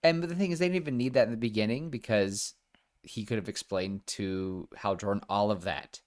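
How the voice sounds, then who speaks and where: A man's voice: lowish voice, brisk. A young man co-hosting a podcast, chatting casually and eagerly, with lots of restarts and fillers. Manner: enthusiastic, rambling with many restarts and fillers. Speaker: podcast co-host. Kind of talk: casual chat.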